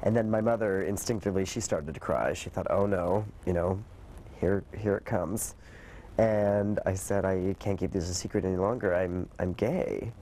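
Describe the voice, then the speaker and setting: A man's voice: low-pitched, moderate pace, slight background noise. A man recounting his own story in an interview, acting out what his mother said. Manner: animated retelling with quoted dialogue. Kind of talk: personal storytelling.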